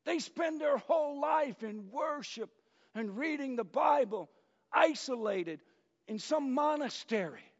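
Male pastor, high voice, slow deliberate sermon delivery, long church reverb, dull lo-fi sound. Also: lively intonation. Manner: unhurried storytelling preacher who tells jokes.

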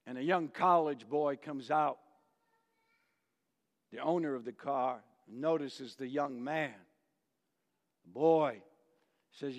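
A male pastor delivering a sermon with storytelling, swinging between loud emphasis and near-whispers, in a church sanctuary. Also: on the high side, a little slow, vocal fry. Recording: long reverb of a large church hall.

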